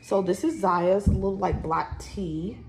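A woman's voice: medium pitch, unhurried, a little mellow. A young woman vlogger casually showing off a shopping haul, chatty and rambling with lots of fillers, sounding a bit congested. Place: home. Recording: noisy home recording.

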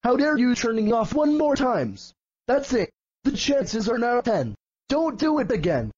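A man's voice: very high voice, very animated, a little slow, darkish tone, breathy edge, highs cut off, exaggerated voice. A man voicing an angry male purple dinosaur who scolds and keeps repeating threats. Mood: scolding.

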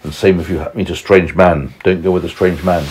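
A man reading a bedtime story aloud to a small child at home, gently stopping to ask questions and teach a lesson. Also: low voice, steady tone, fairly quick, a little hiss or hum.

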